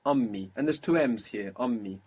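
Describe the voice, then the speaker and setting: A man's voice: mid-range voice, lively intonation, normal speed, a little mellow, slightly rough. A man teaching a language lesson, patiently modelling and repeating each phrase for his student.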